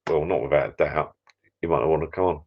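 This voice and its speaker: A man's voice: rumbling low, quick pace. A middle-aged man, rambling casually and a bit tired during a live stream from his backyard shed bar, with mild swearing. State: tired, a few beers in. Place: backyard shed bar, small room indoors. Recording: dull lo-fi stream audio.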